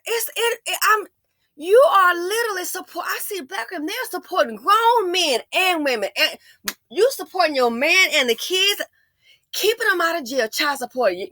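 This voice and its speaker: A woman in giving blunt, preachy commentary straight to her audience. Her voice is bright and sits a little high, and her pitch swings widely as she pushes her points. The recording is close and dry, and she trips over restarts whenever the heat rises. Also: no room sound. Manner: blunt, preachy, frequent restarts and stammers when heated. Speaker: commentary channel host. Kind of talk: impassioned commentary monologue.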